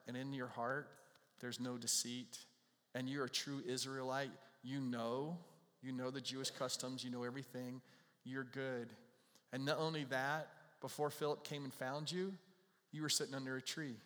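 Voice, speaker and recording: A man's voice: mid-range voice, fairly even intonation, moderate pace, fairly bright tone, big-room sound. A man preaching a sermon, retelling scripture in casual everyday language as a pastor. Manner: conversational preaching, paraphrasing scripture in everyday words.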